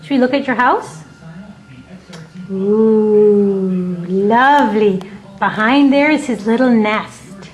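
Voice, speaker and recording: A woman filming her pet bird at home, coaxing and doting on it in soft baby talk. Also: mid-range voice, slow, long pauses. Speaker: pet owner. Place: home, indoors.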